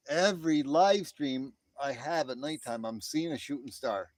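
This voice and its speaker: A man's voice: mid-range voice, moderate pace, a little mellow. A man hosting a casual late-night live stream, talking outdoors in a laid-back way, chuckling often and reading out chat messages.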